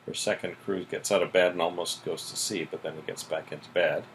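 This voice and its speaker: This man co-hosts a podcast, summarizing TV plots quickly in a low-sitting voice while filling gaps with frequent "mm-hmm" and "so." His manner stays relaxed, and the rough recording carries slight background noise.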